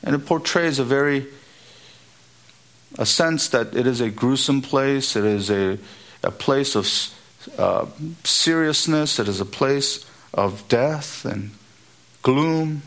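A man preaching an expository sermon, emphatic and building to high, repeated exhortations. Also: takes it slowly, pauses often, a bit bright.

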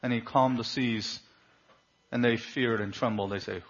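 A man preaching a sermon, reading scripture and swinging between hushed and loud, fervent delivery. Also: medium pitch, fairly even intonation, normal speed. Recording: dull lo-fi recording.

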